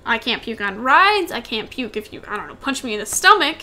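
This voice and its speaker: A young woman with a high, light voice tells a long, rambling story on a casual podcast. She circles back on her own words and acts out what everyone said. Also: very animated, a little fast, sharp tone. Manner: rambling, repeats herself, acts out quotes. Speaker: podcast co-host.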